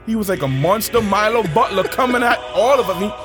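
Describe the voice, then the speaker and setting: A man telling a wild childhood story in a slangy, excitable way, shouting at the big moments. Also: high voice, fast talker, music in the background. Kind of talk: animated casual storytelling.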